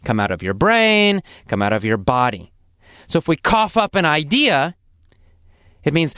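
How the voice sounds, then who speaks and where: Male English teacher, patient and repetitive, clear smooth voice, dry close recording. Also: mid-range voice, expressive, bright, forceful tone, dry recording. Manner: slow, patient, repeats words and examples; acts out coughs and sample phrases. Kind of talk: explaining vocabulary in a lesson.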